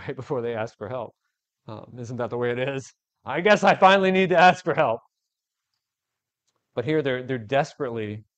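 A male pastor preaching a sermon, animated, acting out the disciples' panicked cries in a raised voice. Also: medium pitch, muffled recording.

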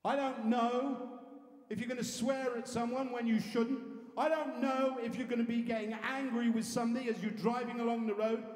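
A man preaching a lively sermon to a congregation, chatty and jokey, building up to shouted, punchy repeats. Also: extremely high pitch, moderate pace. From England. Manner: conversational, jokey, punchy repetition, rising to shouts. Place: church hall in front of a congregation. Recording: echoey hall from far off.

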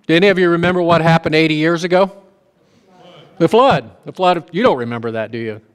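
A man pastor delivering a sermon in a relaxed, folksy manner, tossing asides and questions to the congregation. His voice sits a little high for a man. The sound carries the long reverb of a church sanctuary. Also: fast talker, clear, resonant tone.

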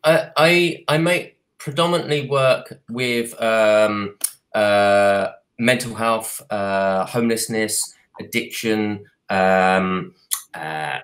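Cockney male artist, low voice, earnest and halting, home computer mic. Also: a bit bright. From United Kingdom. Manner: earnest, halting, many restarts and fillers. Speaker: artist and advocate. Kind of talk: live video call interview. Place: apartment at home. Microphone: video call from home computer.

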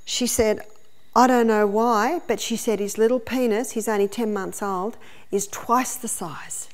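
With a mid-range, somewhat dark voice, a middle-aged health educator runs a seminar that includes a demonstration. She weaves in stories and walks through the process step by step.

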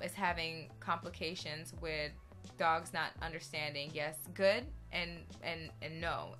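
Lively woman host for a pet-care vlog, bright voice, very expressive delivery. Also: lowish voice. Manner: animated, expressive talker. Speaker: dog-training vlogger. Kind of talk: casual advice vlog.

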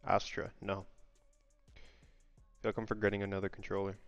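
Low-voiced young man swearing through a game. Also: moderate pace, soft background music. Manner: excitable, swears freely, thinks aloud. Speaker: gaming content creator. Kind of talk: casual gaming vlog commentary. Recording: dry, slightly muffled home mic.

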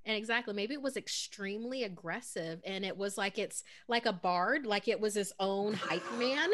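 A woman's voice: mid-range voice, lively intonation, normal speed, background noise. A woman hosting a casual streamed chat, rambling and giggling often as she talks. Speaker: host.

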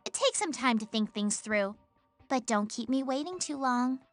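A woman voicing a cool, scheming young idol in a video game, who talks in a teasing, condescending, measured way. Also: a little high, expressive, faint music behind. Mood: coolly taunting.

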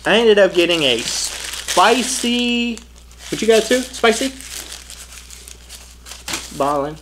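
A man's voice: high-pitched, lively intonation, slow. Male mukbang host: casual, slangy, upbeat, faint background noise. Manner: upbeat, slangy, talks to viewers. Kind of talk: casual eating-show chat.

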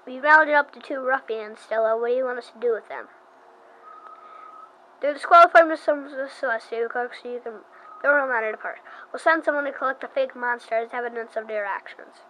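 A woman's voice: sits high, a little fast, pushed and bright, a little hiss or hum, poor audio. A woman reading the lines of a tired, matter-of-fact park official from a video game. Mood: businesslike.

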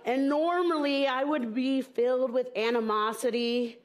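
A woman comedian from the American South tells playful stories to a live audience on stage. Her voice sits high and she takes her time. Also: fairly even intonation, unhurried. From southern United States. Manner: playful, storytelling with jokes. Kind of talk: stand-up talk on stage.

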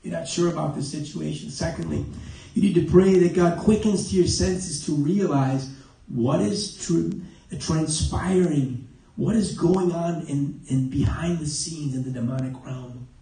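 In a church sanctuary with heavy echo and a distant mic, a man with a fairly high, mellow voice with vocal fry preaches an evening sermon. His delivery is halting, marked by self-corrections and interjections of "amen."

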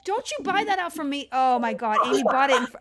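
A woman chatting casually with friends while she plays a life-sim game on stream, with quick, excitable exclamations. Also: sits high. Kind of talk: casual gaming chat.

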